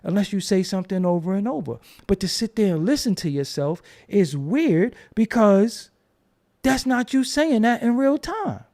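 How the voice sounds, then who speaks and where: A man's voice: high-pitched, sing-song, normal speed, darkish tone. A man hosting his own channel, talking in a casual, profane, rambling monologue and acting out quoted voices as he tells stories. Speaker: host.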